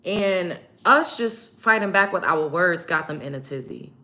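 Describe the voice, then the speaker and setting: A woman's voice: fairly low pitch, animated, a little slow, pushed and bright. A woman host talking casually to her livestream chat while getting ready. She is blunt and emphatic and repeats her points for stress. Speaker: show host.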